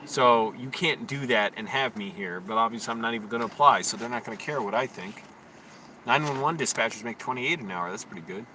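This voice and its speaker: A young man rambling on a phone stream from a city park, his voice bright and forceful. He drifts from topic to topic and flares into loud rants now and then. Faint outdoor noise sits under his talk. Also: mid-range voice. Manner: rambling, quick to rant and get loud. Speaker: live-streaming YouTuber.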